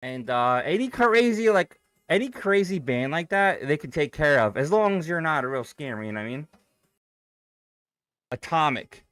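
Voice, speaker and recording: A young man talks loosely into a close desk mic, thinking aloud and cursing as he goes. His pitch swings around a lot, and the sound is dry and close. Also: big pitch swings, fairly quick, a bit bright, clear, resonant tone, dry recording. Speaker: day trading streamer. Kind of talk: casual live-stream chat, reading viewer comments.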